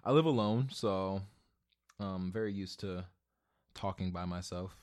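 Solo podcast host, man in his twenties, low voice, rambling and profane, goes from mumbling to loud ranting. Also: measured pace. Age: 20s. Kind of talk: casual solo podcast rant. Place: home, alone.

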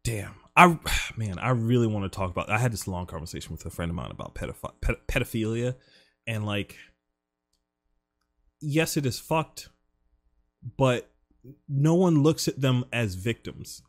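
Young man, podcast host, blunt profane talk, animated pitch. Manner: blunt, swearing, quick reactions and laughs. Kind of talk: casual chat.

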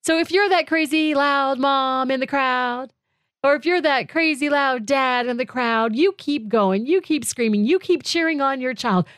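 A woman's voice: sits high, measured pace, fairly bright tone, no room sound, clean studio sound. A middle-aged woman hosting her own podcast, speaking in a heartfelt, emphatic way and repeating phrases for weight. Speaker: podcast host. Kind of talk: personal reflective monologue.

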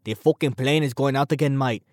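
A man's voice: mid-range voice, fairly quick, a little mellow, no echo, natural voice. Mock-Scottish accent, grumpy swearing man, ranting, dry close sound, a man doing the voice. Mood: annoyed. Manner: ranting, profane.

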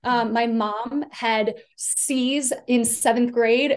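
Woman, from the East Coast, podcast guest, fairly high pitch, chatty, rambling storytelling. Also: steady tone, slow pace. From Delaware, US East Coast. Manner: chatty, rambling, lots of "like" fillers. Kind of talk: personal storytelling.

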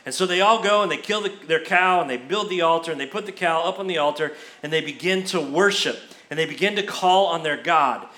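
A man preaching a sermon as pastor, telling the story in a lively, conversational way. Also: on the high side, a little fast, hardly any pauses, echoey room. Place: church.

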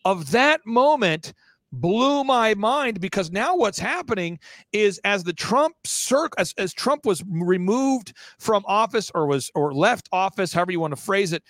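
Guy w a pretty high voice, fast excited storytelling as a guest, dry close sound. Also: dry recording. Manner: excitable, acts out quoted voices. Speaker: interview guest.

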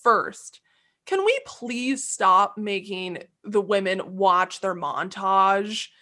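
A woman co-hosting a podcast, chatting casually and venting her opinions with animated emphasis. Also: mid-range voice. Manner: animated, opinionated, quick to vent. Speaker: podcast co-host. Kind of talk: casual chat.

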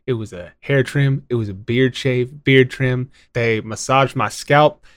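Give me a young man in his twenties co-hosting a podcast, animated and chatty, telling stories and slipping into other people's voices, in a dry, close-sounding room with mid-range pitch. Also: unhurried, clear, resonant tone, dry recording. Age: 20s. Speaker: podcast co-host. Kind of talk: casual chat.

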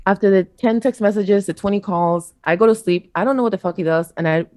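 A young woman telling a story in casual podcast chat, blunt and animated, swearing freely. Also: mid-range voice, quick pace, dry recording. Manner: blunt, profane, animated retelling. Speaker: podcast co-host.

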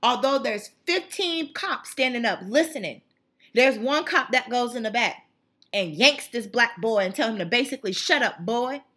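Fiery bright-voiced woman ranting. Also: fairly high pitch, lively intonation, moderate pace, husky. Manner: fiery, emphatic, repetitive. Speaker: channel host. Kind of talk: impassioned monologue.

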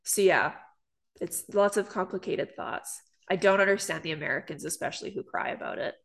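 A woman's voice: on the low side, fairly quick, creaky. A young woman from Canada co-hosting a podcast, chatting casually and filling her sentences with "like" and "um". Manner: chatty, lots of "like" and "um" fillers. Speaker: podcast co-host. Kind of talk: casual chat.

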